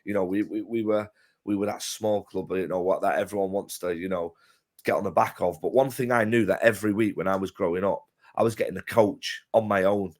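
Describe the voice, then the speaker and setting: This man talks with a fairly low voice. He chats casually about football, with a passionate, emphatic manner that turns loud when he gets going. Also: steady tone, fairly quick. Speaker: co-presenter. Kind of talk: casual chat.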